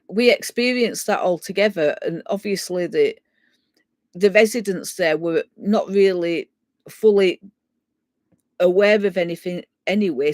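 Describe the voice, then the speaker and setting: Woman, casual storyteller, animated and stumbling, dry, close sound. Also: on the low side, dry recording. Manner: animated, stumbling restarts, chatty. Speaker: guest sharing a ghost story.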